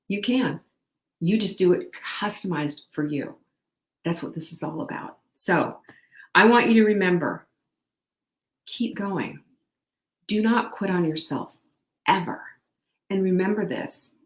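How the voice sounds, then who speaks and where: A woman's voice: fairly low pitch, roomy sound. A woman hosting a live show, coaching her viewers in an upbeat, direct way. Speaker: host. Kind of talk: motivational live show talk.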